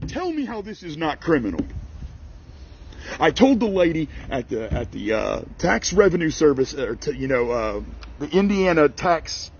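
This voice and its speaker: A man's voice: fairly high pitch, big pitch swings, normal speed, highs cut off, slight background noise. An angry man, a farmer and small business owner, ranting to camera in a heated, indignant, exasperated way.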